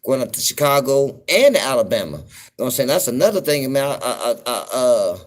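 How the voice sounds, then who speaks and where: A man from the US West Coast talking casually on a livestream, slow and laid-back, constantly saying "you know what I'm saying". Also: mid-range voice, sing-song. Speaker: livestream host.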